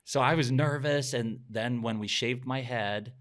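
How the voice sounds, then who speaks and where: A man's voice: medium pitch, unhurried, fairly bright tone. A middle-aged man, a podcast guest, telling a personal story in an earnest, reflective way. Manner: earnest, reflective, sometimes emotional.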